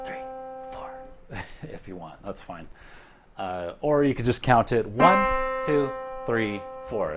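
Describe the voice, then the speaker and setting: Low-voiced male music teacher counting beats. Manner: relaxed, counting beats aloud with frequent fillers. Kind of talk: recorded music lesson. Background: keyboard and clapping.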